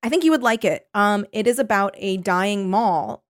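A woman's voice: mid-range voice, normal speed, no room sound, studio quality. A woman co-hosting a podcast in casual chat, rambling with lots of fillers and frequent giggles. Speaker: podcast co-host.

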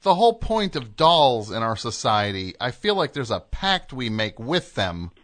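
A man's voice: medium pitch, sing-song, moderate pace, fairly bright tone. A man hosting a comedic call-in radio show, dry and skeptical with short replies. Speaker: radio host.

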